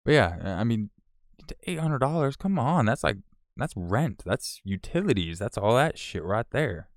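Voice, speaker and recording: A man's voice: medium pitch, sing-song, moderate pace, dry recording, clean studio sound. A man casually chatting on a live stream, frank and profane, rambling with restarts as he answers viewers.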